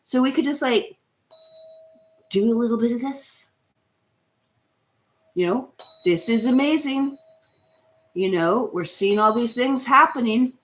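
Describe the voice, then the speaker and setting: A woman's voice: fairly high pitch, animated, measured pace, long pauses. Chatty enthusiastic woman host. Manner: chatty, enthusiastic, rambling with frequent "you know" and "right?". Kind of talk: casual wellness talk.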